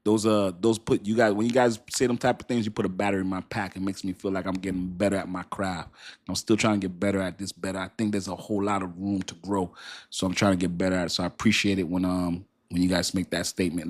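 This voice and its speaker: Brief: middle-aged male livestream host, slightly low voice, relaxed chatty delivery full of laughs and shout-outs. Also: fast. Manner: laughs often, shouts out viewers. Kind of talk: casual livestream chat.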